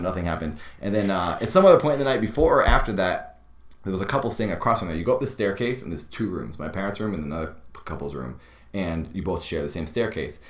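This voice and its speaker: A man's voice: low voice, lively intonation, quick pace, roomy sound. A man hosting a podcast, telling stories in a casual, rambling way with lots of fillers and restarts. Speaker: podcast host. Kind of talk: casual storytelling chat.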